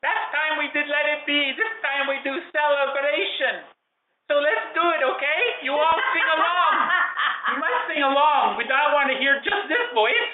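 A jovial male spirit with a strange accent, as a man puts him on, with a high, chirpy voice, teasing his listeners and laughing as he quizzes them. The recording is tinny and phone-like, carrying the echo of a room. He comes across as playful and mischievous. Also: normal speed, noisy background. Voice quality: unusual put-on accent. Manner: jovial, teasing, laughs often, asks the audience questions. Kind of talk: channeled spiritual talk with audience.

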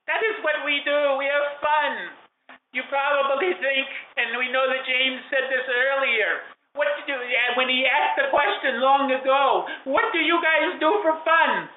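A man's voice: extremely high pitch, fairly even intonation, unhurried, slight background noise. A man channeling a jovial male spirit with an unusual put-on accent, who teases and laughs while questioning his audience. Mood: playful. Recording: echoey room, tinny phone-like sound.

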